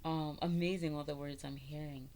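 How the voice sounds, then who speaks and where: A woman with a low-set voice talks straight to her followers in a casual spiritual vlog. She preaches with energy, piling up rhetorical questions and breaking into laughs. A faint noise sits under the recording. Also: steady tone, normal speed, warm tone. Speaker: spiritual vlogger.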